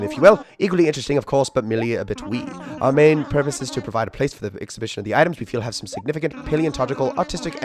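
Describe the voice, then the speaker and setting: A man's voice: mid-range voice, lightly acted. A man voicing a sleepy, long-winded male owl who runs a museum in a video game, fussy and apologetic in manner.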